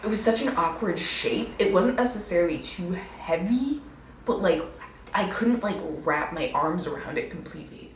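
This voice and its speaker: This young woman, a twenty-something vlogger, tells casual stories at normal speed in a lowish voice with lively intonation, rambling, joking at her own expense, and using "like" often. There's room echo and a faint hiss or hum.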